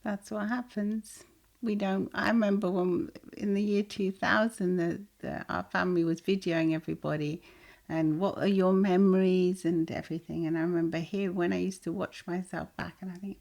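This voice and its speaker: A woman's voice: lowish voice, fairly even intonation, normal speed, vocal fry, a little mellow. A middle-aged woman from England co-hosting a podcast, playful and reminiscing in casual chat. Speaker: podcast co-host.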